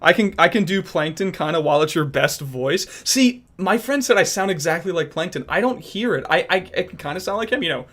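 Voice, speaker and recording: A young man in casual chat who talks in an animated, sporadic way about trying to become a voice actor. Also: sits high, brisk, few pauses. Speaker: aspiring voice actor and podcast guest.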